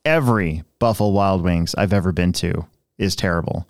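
A man's voice: deep voice, moderate pace, no room sound, clean studio sound. A man co-hosting a hobby podcast, telling a rambling story in casual chat and restarting his sentences often. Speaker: podcast co-host.

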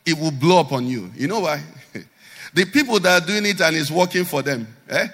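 Animated male pastor, bright and high-pitched, preaching with rhetorical questions. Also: a little fast, big-room sound. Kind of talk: sermon.

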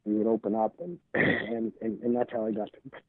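A middle-aged man, a guest on an interview, tells casual stories in a lowish voice at a moderate pace. He rambles, trips over repeated words, and acts out old conversations. The audio sounds tinny, like a phone, with no room sound.

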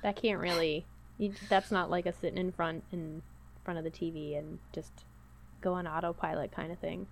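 A woman's voice: fairly low pitch, fairly even intonation, moderate pace, gravelly, a little hiss or hum. A woman co-hosting a podcast, chatting casually in a rambling, playful way. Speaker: podcast co-host. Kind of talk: casual chat.

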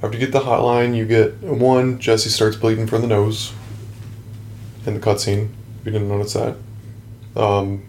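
A man's voice: fairly low pitch, level tone, moderate pace, pauses often, darkish tone, a little hiss or hum. A man co-hosting a casual podcast, rambling and recapping a game with many fillers. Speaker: podcast co-host.

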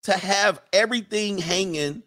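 A man's voice: high voice, normal speed, pushed and bright. A man hosting a casual livestream, reading viewer comments and rambling through blunt opinions with frequent laughs.

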